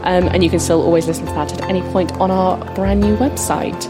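A woman's voice: on the low side, fairly even intonation, brisk, music in the background. A woman co-hosting a theatre podcast, presenting in a chatty, upbeat way. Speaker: podcast co-host.

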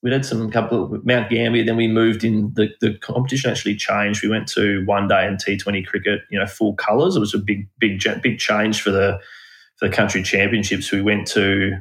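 A man's voice: on the low side, little pitch movement, fairly quick, a bit bright, poor audio. An Australian man talking casually as a podcast guest, telling rambling anecdotes. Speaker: guest, former country cricket coach.

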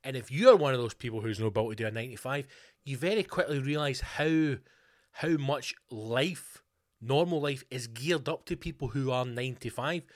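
A Scottish man hosting his own podcast, talking alone in a rambling, sweary, animated way. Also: mid-range voice, normal speed. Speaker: podcast host. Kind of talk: casual monologue.

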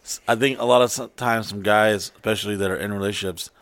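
A man in casual podcast chat, telling rambling stories packed with swearing. He keeps jumping into loud, high-pitched voices to act out the people in them. The sound is dry and close. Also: quick pace, no room sound. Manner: animated storyteller, acts out quoted people in loud high voices; frequent swearing. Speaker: podcast co-host.

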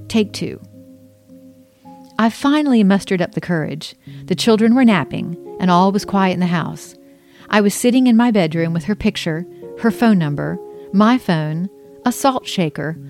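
Memoir narrator: woman author reading her own story, intimate and wry, lower voice. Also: animated, moderate pace, a little mellow, soft background music. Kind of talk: first-person memoir narration.

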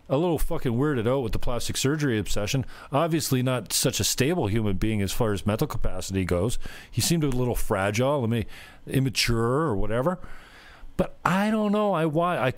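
A man's voice: mid-range voice, no room sound. A man vlogging a casual, rambling rant, swearing often and sounding exasperated.

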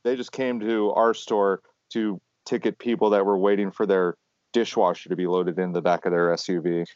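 A man co-hosting a podcast, telling stories in a rambling, animated casual chat. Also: sits low, normal speed, no room sound. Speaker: podcast co-host. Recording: dull lo-fi sound.

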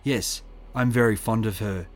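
A man voicing a male clergyman on trial, giving short, guarded answers in a lowered voice. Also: moderate pace, faint music behind, natural voice.

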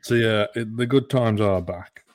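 Brief: young male football podcast host, playful, rambling, low-pitched. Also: a little slow. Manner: chatty, hesitant with many ums, playful. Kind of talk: casual chat and interview hosting.

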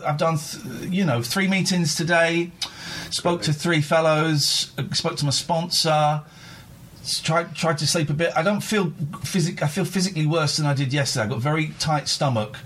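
A man's voice: a little high, normal speed, fairly bright tone. A man hosting a radio show, talking candidly and earnestly, stopping and restarting often as he confesses.

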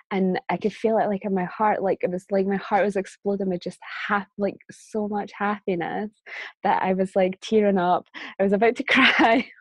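A woman's voice: medium pitch, no echo. A woman telling a personal story as a guest in a casual conversation, chatty and laughing often. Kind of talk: casual chat.

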